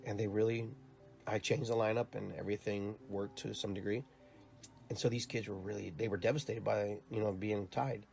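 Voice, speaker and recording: A man's voice: fairly low pitch, fairly even intonation, moderate pace, gravelly, a little mellow, soft background music. A man hosting his own show, talking in an earnest, rambling monologue with many repeated words. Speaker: podcast host and youth soccer coach. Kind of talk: casual reflective monologue.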